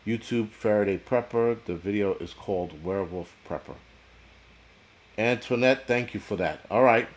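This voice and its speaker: Blunt, foul-mouthed man with a low voice. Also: normal speed. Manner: blunt, crude, swears constantly, rambling. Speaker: livestream host reading chat. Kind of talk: casual profane livestream rant.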